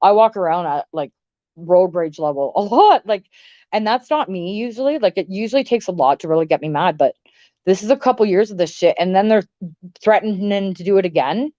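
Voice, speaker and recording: A woman's voice: medium pitch, lively intonation, a little fast, dark tone, no echo, dull audio. A woman from Canada ranting casually to her livestream chat, blunt and profane, rambling with lots of filler words. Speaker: livestream host.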